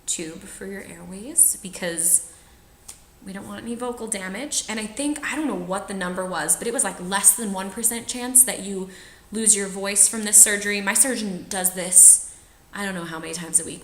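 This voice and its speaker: A woman in her twenties with a trained singer's voice tells her own story straight to camera, frank and easygoing, breaking into laughs. Her tone is bright and forceful. The room around her sounds echoey. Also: mid-range voice. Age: 20s. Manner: chatty, frank, laughs often while telling. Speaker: vlogger sharing personal experience.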